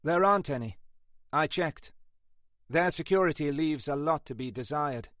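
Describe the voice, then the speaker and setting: A man's voice: on the high side, normal speed, a bit bright, dry recording, clean studio sound, voice pushed up, natural voice. A man doing a flustered young woman detective. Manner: flustered, hesitant, apologetic.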